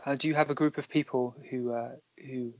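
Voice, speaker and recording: A man's voice: medium pitch, fairly even intonation, a little fast, no echo. A man conducting an interview, mostly giving brief affirmations and asking questions.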